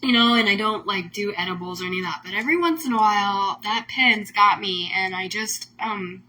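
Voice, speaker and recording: A woman's voice: medium pitch, brisk, sharp tone, a little hiss or hum, poor audio. A woman host talking casually on a livestream, emotional and rambling, full of "like" fillers. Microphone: phone or webcam on a livestream.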